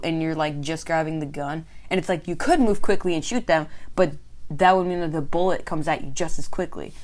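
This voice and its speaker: A woman co-hosts a relaxed podcast, tumbling through excited explanations packed with filler words. Her voice sits a little on the low side. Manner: rambling and excitable, full of fillers. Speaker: podcast co-host. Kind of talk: casual chat.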